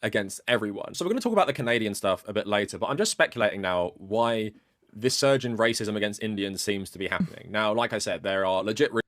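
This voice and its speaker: A man's voice: on the low side, expressive, fast, fairly bright tone, dry recording, studio quality. A man giving casual video-essay commentary, talking conversationally with frequent fillers and rising stress on key points.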